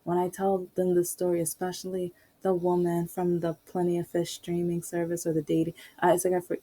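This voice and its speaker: A woman's voice: fairly low pitch, monotone, fairly quick, mellow. A woman podcaster telling a personal story in a candid, rambling way, full of asides.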